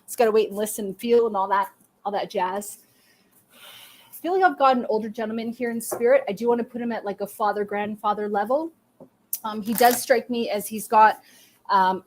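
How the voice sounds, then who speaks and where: A woman psychic medium hosting a live-streamed intuitive reading, talking softly but emphatically and gushing, with many fillers. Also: on the high side. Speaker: psychic medium and podcast host.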